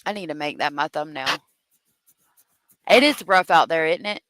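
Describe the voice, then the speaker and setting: A woman's voice: low voice, moderate pace, noisy background. A woman hosting a true crime livestream, chatting casually, reading viewer comments aloud and laughing often.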